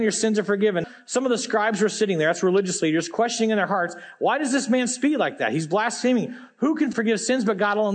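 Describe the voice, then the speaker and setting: A man's voice: very high voice, fairly bright tone. A man in his forties, a pastor preaching a sermon on stage in a church, reading scripture aloud and adding emphatic, conversational asides. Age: 40s.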